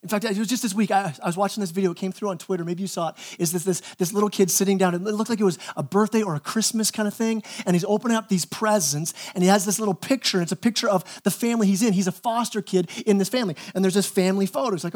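A man with a high, light voice preaches to his church. He delivers the sermon with lively energy, jumping into the voices of the people he quotes and stumbling over repeated words as he begins his thoughts. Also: quick pace, hardly any pauses. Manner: animated, acts out quoted voices, repeats words when starting phrases. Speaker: pastor.

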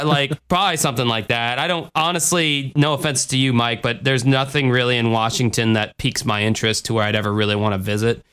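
A man's voice: medium pitch, fairly bright tone, smooth. A man hosting a podcast in loose casual chat, rambling and swearing freely. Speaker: podcast host.

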